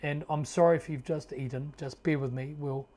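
A man with a New Zealand accent delivering a sarcastic, indignant rant to camera. His voice sits a little higher than most men's. He talks as if addressing his regular viewers. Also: fairly even intonation, moderate pace, mellow. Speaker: political commentator. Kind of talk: opinionated video commentary.

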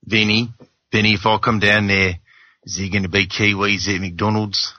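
A male guest comedian chats playfully, cracking jokes. His voice is low yet very bright and lively. The sound is dull and lo-fi. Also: normal speed, no echo. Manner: joking, playful. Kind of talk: casual chat.

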